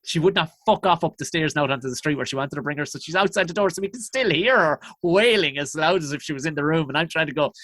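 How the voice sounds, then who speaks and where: A man's voice: a little high, fast, few pauses, no echo. Irish male comedian, casual swearing storyteller, dry close sound. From Ireland. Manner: profane, animated anecdotes. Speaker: comedian guest.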